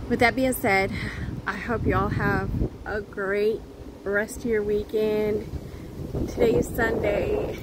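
A woman chatting earnestly to her viewers as a crochet vlogger, halting and restarting as she goes. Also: medium pitch, background noise. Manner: earnest, heartfelt. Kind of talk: casual chat to viewers.

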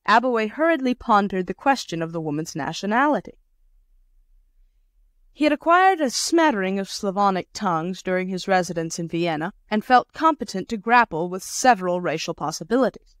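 A woman narrating a short story in a measured, storytelling manner. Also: medium pitch, no echo, studio quality. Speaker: audiobook narrator. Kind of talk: scripted narration.

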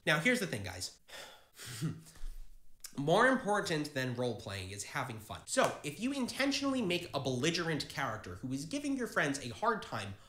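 A man's voice: mid-range voice, pushed and bright. A man hosting a tabletop gaming channel, explaining to camera in an earnest, encouraging way and talking straight to his viewers. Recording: roomy echo.

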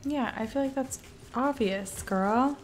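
A woman casually commenting on her own game playthrough, chatty, profane, and quick to mock the characters. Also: high-pitched, noisy background. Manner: chatty, swearing, laughing, voices characters mockingly. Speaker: let's play gamer.

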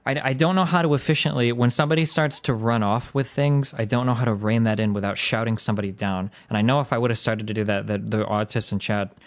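A man's voice: medium pitch, quick pace, few pauses. A man hosting a livestream, talking casually and rambling, correcting himself often and filling gaps with "like" and "um". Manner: rambling, self-correcting, lots of "like" and "um". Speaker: streamer and debate host.

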